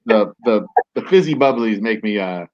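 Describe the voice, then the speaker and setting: A man's voice: lowish voice, animated, normal speed, muffled recording, noisy background. A man hosting a podcast, telling a story casually, rambling with many fillers and restarts. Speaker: podcast host.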